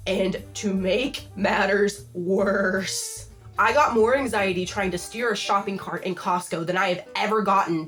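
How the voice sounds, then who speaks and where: A young adult woman telling a comedic storytime rant in a vlog, exasperated and animated, peppered with "like". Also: medium pitch. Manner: exasperated, animated, heavy use of "like". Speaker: vlogger.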